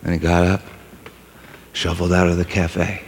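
A man's voice: low voice, completely flat delivery, unhurried, slight background noise. A male preacher telling a story in a dramatic, emphatic sermon. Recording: long hall reverb.

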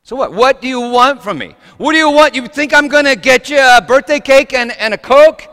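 Man putting on a shrill scoffing woman. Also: slow, smooth, long reverb tail, heavily acted. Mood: scornful. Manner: loud, shrill and mocking. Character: harsh crude woman scoffing at a friend.

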